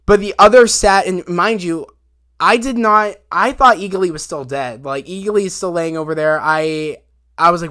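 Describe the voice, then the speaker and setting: A man casually recapping a TV episode in a rambling, excited way, full of fillers and quick asides. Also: high-pitched. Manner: rambling, animated retelling with many fillers and acted quotes. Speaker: video reviewer.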